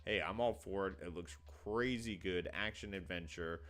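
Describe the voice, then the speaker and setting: A man's voice: sits low, moderate pace, a bit bright. A man co-hosting a casual video game reaction chat, talking with easygoing, upbeat enthusiasm. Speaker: co-host.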